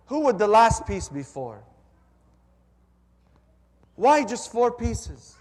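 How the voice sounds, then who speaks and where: A man delivering a mourning sermon, telling a story slowly and urging the audience to repeat lines after him. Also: high-pitched, sing-song, darkish tone. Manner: slow, drawn-out, urges the audience to repeat lines. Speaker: speaker at a religious gathering. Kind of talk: mourning sermon with call-and-response.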